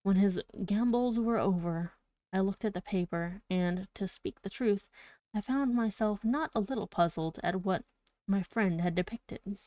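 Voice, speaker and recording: A woman's voice: mid-range voice, measured pace, mellow, no echo. A woman streaming a casual live story reading, narrating the text and breaking off into chatty, giggly asides.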